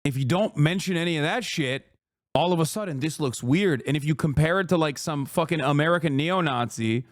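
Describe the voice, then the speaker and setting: Male streamer, heated profane ranter, higher-pitched voice, dry close sound. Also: fairly quick, no echo. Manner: profane, heated ranting with sarcastic mockery. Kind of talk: live stream commentary.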